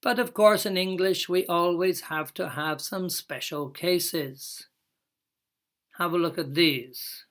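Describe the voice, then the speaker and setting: A woman giving a recorded English lesson, explaining step by step and stretching out her example phrases. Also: on the low side. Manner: slow, careful explaining with drawn-out example words. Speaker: English teacher.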